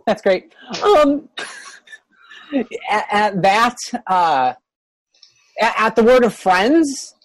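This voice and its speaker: A game master describing a fantasy scene for players, full of pauses and restarts. The sound is dry and close. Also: mid-range voice, very animated, no echo. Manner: hesitant, many fillers and restarts. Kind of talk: narrating a tabletop game.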